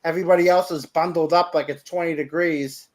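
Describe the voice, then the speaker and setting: High-voiced man telling a story. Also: fairly quick. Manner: animated anecdote-telling with stumbles. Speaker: podcast host. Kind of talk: casual storytelling.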